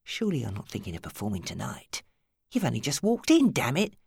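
A woman's voice: rumbling low, huge pitch swings, brisk, gravelly, darkish tone, husky, no room sound, clean studio sound, exaggerated voice. A woman voicing an urgent exasperated man. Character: insistent young man pressing his girlfriend.

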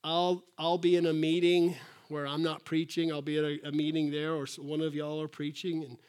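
A man preaching with an animated delivery and a slightly high-pitched voice. He acts out quotes in a raised voice, then drops to soft, quiet asides. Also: normal speed, clear, resonant tone. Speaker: pastor. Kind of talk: sermon.

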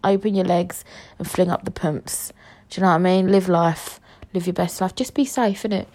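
A woman's voice: lowish voice, steady tone, moderate pace, darkish tone. A young woman, hosting a casual story-time podcast, brash and jokey, swearing freely and rambling through her rants. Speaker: podcast host.

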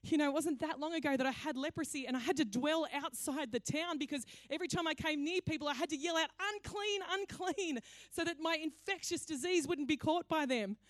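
A woman's voice: sits high, fairly quick, few pauses, dry recording, clean studio sound, pitched above the performer's own voice, lightly acted. A woman voicing a self-righteous man talking to himself, in a sermon retelling. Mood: earnest. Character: self-righteous healed man, anxious then judging.

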